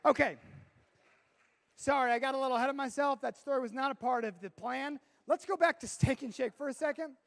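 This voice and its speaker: A man preaching to teenagers as a youth pastor, telling a long comic story and bursting into shouts for effect. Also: extremely high pitch, a little fast, creaky.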